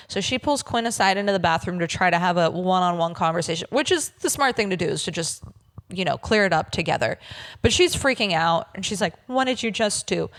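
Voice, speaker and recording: A woman co-hosting a casual podcast, retelling events and mimicking people in dramatic voices. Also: on the low side. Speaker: podcast co-host. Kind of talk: casual chat recapping a reality show.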